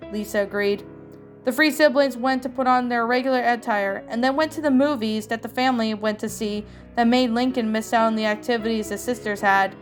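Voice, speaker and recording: A woman narrating a fan-written story, fairly high-voiced and steady. she reads evenly and stumbles now and then. soft music plays faintly underneath. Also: brisk. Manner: plain, even reading with small slips. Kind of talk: storybook reading.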